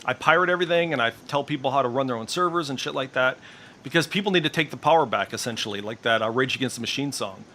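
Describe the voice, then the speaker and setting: A man's voice: medium pitch, quick pace, pushed and bright, slight background noise. A middle-aged man streaming in casual voice chat, ranting with heavy profanity and strong opinions.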